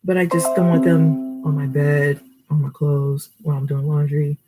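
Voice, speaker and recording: A woman's voice: sits low, level tone, moderate pace, loud music behind the voice, rough recording. A middle-aged woman chatting and giving advice on her video channel from her bedroom, rambling and laughing at herself. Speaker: vlogger. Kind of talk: casual advice vlog.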